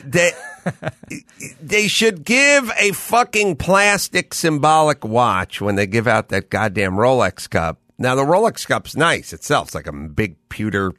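A man's voice: mid-range voice, animated, unhurried, pushed and bright, no room sound, clean studio sound. A man hosting a podcast, chatting casually and telling profane stories with acted-out quotes. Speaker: podcast host. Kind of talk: casual chat.

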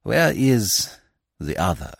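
A man reading aloud, voicing a fastidious older male Belgian detective who speaks curtly and drops French words. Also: on the low side, very animated, creaky, slightly rough, dry recording, clean studio sound, exaggerated voice. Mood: tense. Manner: curt, commanding, sprinkled with French.

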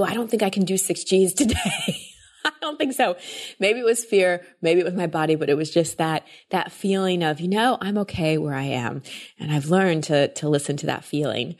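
A woman's voice: low-pitched, vocal fry, darkish tone. A woman hosting a podcast, chatting enthusiastically as she tells a personal story and introduces her guest. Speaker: podcast host.

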